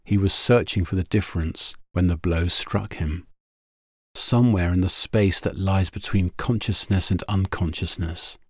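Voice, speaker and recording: A man narrating a pulp science-fiction story in a steady, measured audiobook reading. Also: low voice, slightly rough, no echo, clean studio sound.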